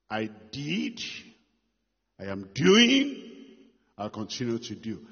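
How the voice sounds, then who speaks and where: A man preaches slowly and emphatically, his husky, bright-edged voice rising and falling in a lively way. He repeats his points for weight. The sound is muffled, with a long hall echo behind it. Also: a little high. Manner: emphatic, repeats phrases for effect, swings between loud and hushed. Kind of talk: sermon.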